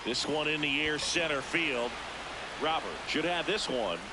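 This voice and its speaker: A man's voice: a little high, unhurried, very noisy. A man calling baseball play-by-play in a video game, rising sharply on big hits. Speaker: play-by-play announcer. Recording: game music loud underneath.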